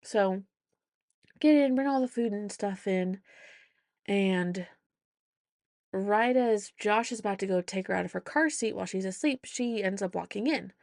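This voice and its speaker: A woman's voice: medium pitch, measured pace, creaky, long pauses, a little mellow, dry recording. Woman, young adult, podcast host, casual storytelling, chatty, mid-range voice, dry close sound. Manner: chatty, acts out the voices in her anecdotes. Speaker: mother.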